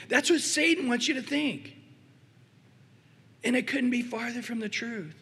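Male preacher, high and husky, animated sermon delivery in a hall with long reverb. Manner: animated preaching, acts out voices, many restarts. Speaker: pastor.

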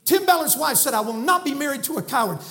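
A Southern preacher, a man, delivers a fiery sermon from the pulpit. His voice sits unusually high, and he swings from shouts down to near-hushed lines. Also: expressive, fast. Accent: Southern American. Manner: fiery, shouting preacher with sudden soft drops. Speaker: guest preacher. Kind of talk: impassioned sermon. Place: church sanctuary.

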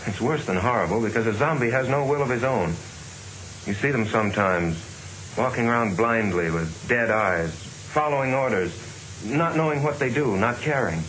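A man in an old film clip, gravely explaining something. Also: mid-range voice, expressive, normal speed, fairly bright tone, slight background noise, natural voice, low-quality recording.

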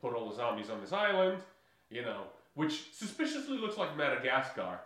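A man's voice: mid-range voice, sing-song, moderate pace, a bit bright, recorded from a distance. A man recapping a movie in casual podcast chat, rambling with many fillers and laughing often. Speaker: podcast co-host. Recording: echoey room, voice off-mic.

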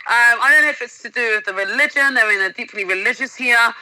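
A woman's voice: fairly high pitch, fast talker, pushed and bright, no room sound, rough recording. A woman in casual interview chat, telling stories enthusiastically and vividly as a guest. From England.

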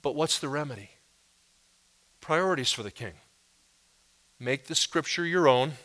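A pastor delivering a sermon with a bright, forceful voice that sits a little high for a man. He preaches with animated emphasis, lifting his voice on the words he wants to land. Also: unhurried.

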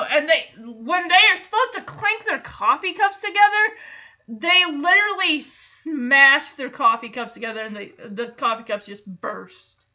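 A woman's voice: high voice, sing-song, a little slow, sharp tone, muffled recording. A woman hosting a podcast, recapping a TV episode in a chatty, amused way with frequent laughter. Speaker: podcast host.

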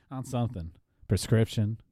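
A man's voice: fairly low pitch, measured pace, warm tone, husky, no echo. A man co-hosting a podcast in casual chat, throwing in short, dry quips and laughing often. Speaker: podcast host.

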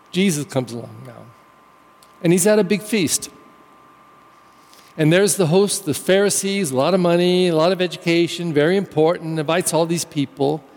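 A male pastor preaches a homily in a chatty, animated way. He often stops to ask questions and tell stories. His voice sits high for a man and rings with a long church reverb. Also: vocal fry. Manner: animated, conversational, storytelling. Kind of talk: sermon.

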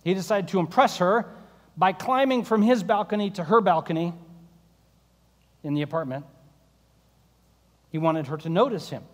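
A man's voice: sits high, normal speed, long pauses. A male pastor preaching a sermon, telling stories with wry jokes. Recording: long hall reverb.

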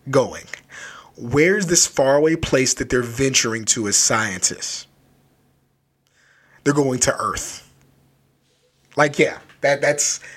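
A man casually recapping a children's horror story, loose and animated, with lots of filler words. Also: mid-range voice, breathy edge. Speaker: book reviewer.

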